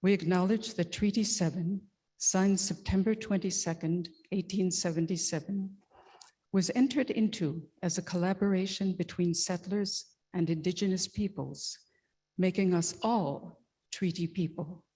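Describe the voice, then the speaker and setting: A woman leading a church service, giving a formal welcome and land acknowledgement in a measured, solemn way. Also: fairly low pitch, warm tone, husky. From Canada. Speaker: worship arts facilitator.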